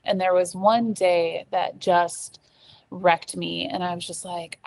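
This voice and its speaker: A middle-aged woman, a podcast guest, telling her story in a casual, animated way, acting out the voices she quotes, with lots of fillers. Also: fairly low pitch, takes it slowly, creaky.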